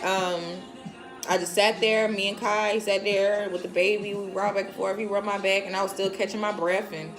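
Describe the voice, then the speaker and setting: A woman in her twenties talks straight to her viewers in a frank, chatty way, laughing easily and slipping into the voices of the people she describes. Her voice sits at an ordinary middle pitch for a woman. Soft music plays faintly behind her. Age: 20s. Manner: animated, acts out what others said; laughs often, candid and frank. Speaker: vlogger and new mother. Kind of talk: casual storytelling to viewers.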